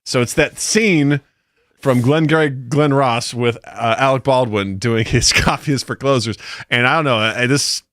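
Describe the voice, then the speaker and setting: A man co-hosting a podcast, telling stories in a casual, laughing, animated way. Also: mid-range voice, normal speed. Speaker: podcast co-host. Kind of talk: casual chat.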